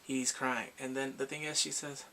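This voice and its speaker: A man casually recapping a drama's plot, animated and emotional, acting out the characters' lines. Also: medium pitch, normal speed, a little hiss or hum. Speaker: drama reviewer.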